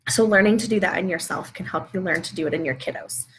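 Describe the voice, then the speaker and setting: A woman's voice: lowish voice, quick pace, a bit bright, a little hiss or hum. Brief: woman, parenting educator, chatty live-stream teaching tone, talks through sample conversations. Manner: conversational, works through example dialogues. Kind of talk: live video teaching talk.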